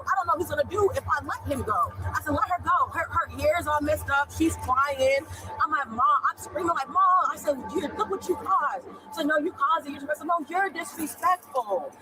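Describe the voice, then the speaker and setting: Fast-talking, agitated high-voiced woman. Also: background noise. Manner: rapid, agitated, constantly quoting others with "I said". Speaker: person telling an officer about a family fight. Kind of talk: heated retelling. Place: home.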